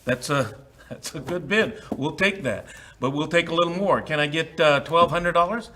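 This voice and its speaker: Bright-voiced man calling auction bids. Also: a little high, normal speed, a little hiss or hum. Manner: repeats the asking price in steady runs, many "uh" fillers. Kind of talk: live charity auction calling.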